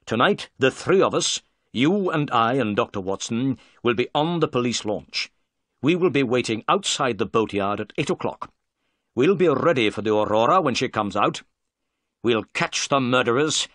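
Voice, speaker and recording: A man reading a confident, commanding detective, brisk and assured in a storybook reading. The pitch moves in a lively way while staying close to the reader's own register. The sound is close and dry, with no room around it. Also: no room sound, natural voice.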